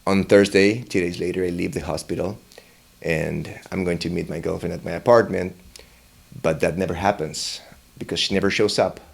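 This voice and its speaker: A young man telling a personal story, wry and self-mocking, jumping into high, excited voices when he quotes himself. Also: moderate pace, gravelly. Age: young adult.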